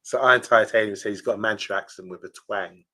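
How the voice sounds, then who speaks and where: A man with a lowish voice co-hosts a live stream. He chats loosely, reads out viewer comments, and laughs easily as he talks. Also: fast, bright, forceful tone. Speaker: podcast co-host. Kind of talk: casual live-stream chat.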